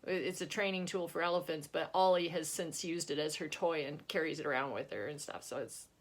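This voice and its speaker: A woman's voice: deep voice, brisk. A woman author chatting casually about her book and reading from it. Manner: chatty, laughs often, restarts.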